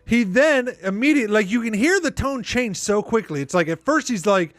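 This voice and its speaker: A man's voice: high voice, lively intonation, brisk, no room sound, clean studio sound. A man hosting a podcast, giving rambling, exasperated commentary full of "like". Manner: rambling, exasperated, heavy use of "like". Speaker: podcast host. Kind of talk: casual reaction commentary.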